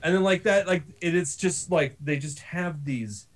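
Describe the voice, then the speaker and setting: A man telling stories in a casual podcast chat, animated and laughing often. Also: a little high, unhurried.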